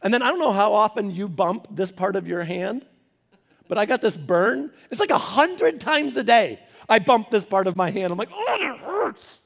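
A man's voice: high-pitched, normal speed, gravelly. A middle-aged man, a pastor, giving a conversational sermon, telling family stories and acting out the voices in them. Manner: animated storyteller who acts out quoted voices. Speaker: pastor teaching a Bible study.

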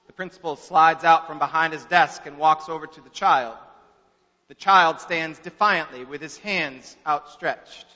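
A man preaching a sermon through storytelling, with long pauses and shifts from soft to loud, heard in an echoey hall on a dull recording. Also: a little high.

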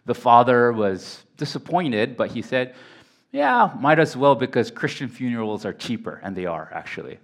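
A man in his thirties, a pastor, preaching a sermon in a casual storytelling way with lively quoted voices and frequent restarts. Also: medium pitch, moderate pace. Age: 30s.

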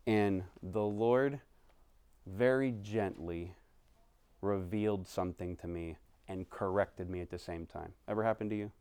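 A man preaching from the pulpit in a low, smooth, resonant voice, talking to his congregation casually and personally. He builds to animated bursts and drops back to near-hushed phrases. The sound is close and dry, with no room echo. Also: normal speed. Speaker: pastor. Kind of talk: sermon.

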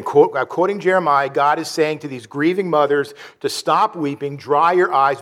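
Halting and earnest, the pastor keeps restarting and filling pauses as he preaches. His voice sinks low and soft whenever the phrasing turns sorrowful.

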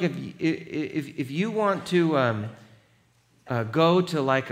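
A man preaching a sermon as pastor, animated and emphatic, and rallying the congregation. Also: on the high side.

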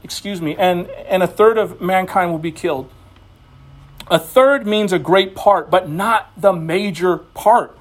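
A man preaching a sermon as pastor, impassioned, with his voice swinging high and low and quick personal asides.

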